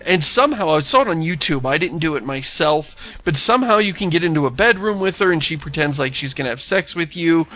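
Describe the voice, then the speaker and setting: A man's voice: a little high, expressive, fast, few pauses, bright, forceful tone. A man co-hosting a casual video game commentary, recapping the story in a wry, sardonic way. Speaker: co-host of a game commentary show. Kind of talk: casual gaming commentary chat.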